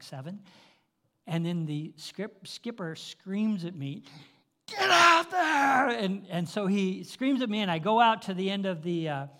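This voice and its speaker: A man preaching, telling a story in an animated way, with frequent restarts and chuckles. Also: on the high side. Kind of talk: sermon storytelling.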